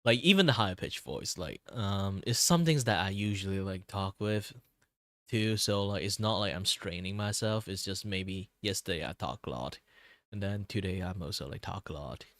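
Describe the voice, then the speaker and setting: A man's voice: low-pitched, normal speed, fairly bright tone, no echo, studio quality. A man streaming as a VTuber, chatting casually in a worn, tired voice, rambling with fillers and little chuckles. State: voice worn and tired from talking a lot. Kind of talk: casual chat with stream viewers.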